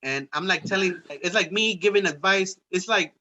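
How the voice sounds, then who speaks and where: A young man hosting a casual chat, telling stories in a profane, animated way. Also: high-pitched, normal speed, muffled recording, crowd noise. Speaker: host.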